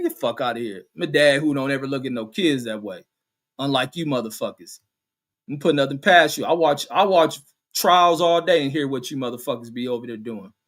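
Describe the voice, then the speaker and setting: A middle-aged man ranting on a live stream, cursing heavily and using street slang. He reads viewer comments aloud and fires back at them, combative and unfiltered. His voice sits at an ordinary middle pitch. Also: a bit bright. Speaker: show host reading chat comments. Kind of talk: profane live-stream rant.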